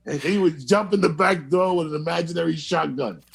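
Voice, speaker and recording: A man telling a story in a casual podcast chat, animated and swearing, acting out what people said. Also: fairly high pitch, a little fast, vocal fry, a little hiss or hum. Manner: animated, swearing, acts out quotes. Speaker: guest storyteller.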